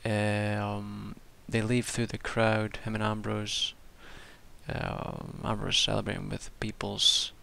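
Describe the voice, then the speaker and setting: A man with a low, gravelly, sharp-toned voice speaks slowly and in a monotone, tired from staying up all night. He rambles casually through a wrestling show review, swearing and restarting his sentences.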